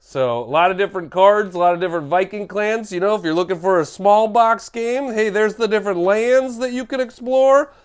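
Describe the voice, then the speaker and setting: A man hosting a comedic board game unboxing, talking in an animated, jokey way and exclaiming over each component. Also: high-pitched, fairly quick, few pauses, clean tone.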